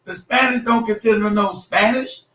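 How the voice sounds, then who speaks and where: A man with a notably high voice holds forth in loose, profane talk, laughing between his points. He sounds well back from the mic, and the room rings around him. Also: normal speed, a bit bright. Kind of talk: casual profane chat. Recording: roomy echo, distant mic.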